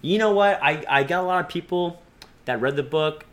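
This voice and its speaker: A man's voice: on the high side, moderate pace. A man hosting a podcast in casual, joking chat, swearing freely. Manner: animated, joking, profane. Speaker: podcast host.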